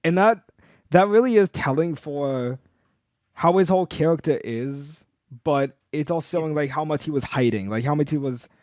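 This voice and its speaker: A man's voice: fairly high pitch, moderate pace, a little mellow, no room sound, studio quality. A young man co-hosting a casual podcast, talking with enthusiasm, rambling through restarts and fillers. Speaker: podcast co-host.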